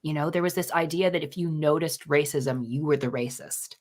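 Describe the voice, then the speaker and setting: A woman with a very low voice co-hosts a casual podcast. She explains her points in an earnest, careful way. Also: a little fast, a little mellow. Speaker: podcast co-host. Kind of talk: casual chat.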